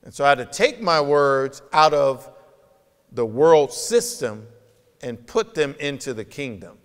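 A man's voice: medium pitch, lively intonation, unhurried, clear, resonant tone. A man preaching a sermon as pastor, emphatic and conversational, with many rhetorical questions, recorded in a church sanctuary. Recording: long reverb of a church hall.

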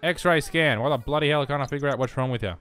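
A man's voice: medium pitch, fast talker, fairly bright tone. A young man giving casual, self-mocking let's-play commentary, chatting to the game as he plays. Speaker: gaming video host.

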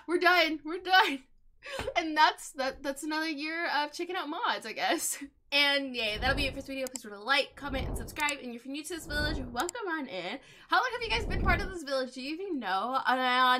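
A young woman host chatting excitedly over her gameplay, with many gasps, laughs and quick exclamations. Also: high voice. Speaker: gaming channel host. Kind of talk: casual gameplay commentary.

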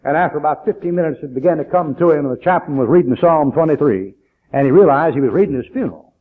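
A man preaching a sermon, emphatic, telling a story and dropping to low asides. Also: animated, fast talker. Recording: tinny phone-like old recording.

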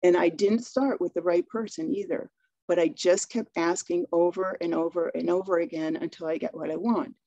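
A woman's voice: on the low side, fairly even intonation, normal speed, warm tone, dry recording, highs cut off. A middle-aged woman from Maine giving a talk, telling stories in a chatty way and acting out bits of dialogue. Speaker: speaker. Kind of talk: webinar talk.

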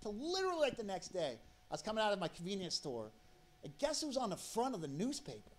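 A man's voice: sits high, huge pitch swings, fast talker. A man telling a rambling, profane story on stage as a stand-up comedian.

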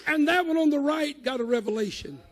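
A man preaching a sermon in a church, shouting at his peaks and dropping low in between. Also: a little fast, big-room sound. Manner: rising to shouted climaxes, then dropping low. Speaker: pastor. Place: church sanctuary.

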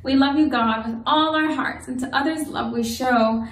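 Woman saying a little rhyming prayer, slightly high voice, roomy echo. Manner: measured, sing-song recital. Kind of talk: reciting a rhymed prayer. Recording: echoey room, voice from off-mic.

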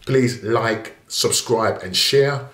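A man's voice: medium pitch, takes it slowly, a bit bright, reverberant. A man hosting a casual football match preview, chatty and rambling with many fillers and restarts. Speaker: football channel host.

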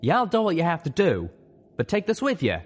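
A man's voice: high voice, wildly swooping pitch, fairly quick, slightly rough, voice pushed up, full character voice. A man voicing a loyal male pegasus gunslinger with a put-on Southern US drawl and folksy manner. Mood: warm.

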